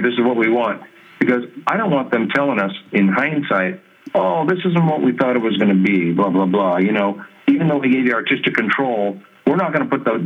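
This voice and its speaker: A male guest musician tells his stories with animation, slipping into other people's voices as he quotes them. He laughs easily, and his voice sits at a medium pitch. The sound is thin and phone-like. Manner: animated storyteller who mimics others' voices and laughs often. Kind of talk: conversational storytelling in an interview. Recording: tinny phone-like line.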